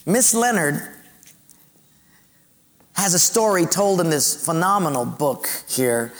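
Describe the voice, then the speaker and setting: A man's voice: a little high, very animated, slow pace, in a large hall. A man preaching a sermon earnestly, using rhetorical questions. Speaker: pastor.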